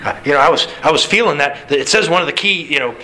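A preacher voicing a fretful chronic worrier, hesitant and hushed. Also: male voice, on the high side, fast talker, slight background noise.

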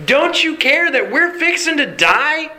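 A man's voice: sing-song, measured pace, pushed and bright, a little hiss or hum, heavily acted. A preacher voicing panicked male disciples in a sinking boat, pleading frantically in a raised voice. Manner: pleading, frantic, high-pitched.

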